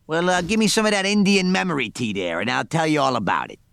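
An actor playing a gruff, pushy middle-aged bartender in a cartoon, brash and grumbling, with a gravelly voice. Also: male voice, a little high, animated, quick pace, fairly bright tone, dry recording.

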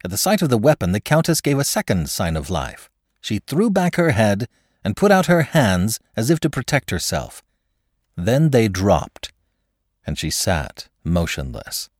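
A man's voice: on the low side, wildly swooping pitch, unhurried, dry recording, studio quality. A man narrating a classic story in a scripted, dramatic reading. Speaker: podcast narrator.

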